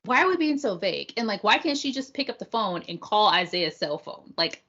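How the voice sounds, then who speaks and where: A woman recaps a show on a podcast with blunt, slangy humor and a lively, swinging delivery. Her voice is a little husky. The audio is muffled and lo-fi. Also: medium pitch, a little fast. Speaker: podcast co-host. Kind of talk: casual review chat.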